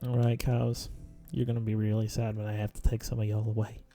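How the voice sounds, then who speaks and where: A man's voice: on the low side, monotone, fairly quick, mellow. A man rambling philosophically in casual chat while playing a video game, full of "like" fillers. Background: faint game music.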